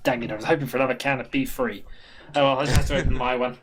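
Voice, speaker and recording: A man playing a tabletop game, calmly declaring his character's actions in a dry, matter-of-fact way. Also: medium pitch, very fast, noisy background. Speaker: player. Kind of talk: casual tabletop game play.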